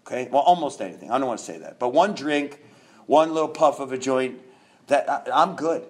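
A man's voice: medium pitch, lively intonation, fairly quick. A man in his fifties from New York, a guest telling his own story candidly, rambling with restarts and laughs.

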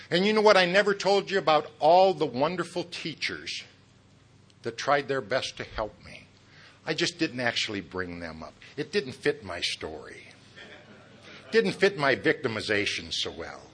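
A man's voice: mid-range voice, a bit bright. A middle-aged man giving a humorous personal testimony at a recovery meeting, self-deprecating and chuckling at his own lines as he talks straight to the audience.

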